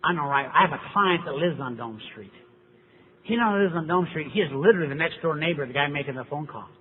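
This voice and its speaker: A man's voice: fairly high pitch, expressive, fast talker. Middle-aged man, wry storyteller at a meeting, tinny hall recording with faint hiss. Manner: conversational, rhetorical questions, wry. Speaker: recovery meeting speaker. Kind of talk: storytelling talk at a recovery meeting.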